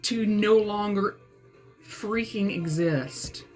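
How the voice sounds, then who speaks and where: A woman's voice: mid-range voice, slow pace, faint music behind. A woman from Alabama with a Southern accent, venting fury in a profane, emphatic personal rant. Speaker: vlogger and author.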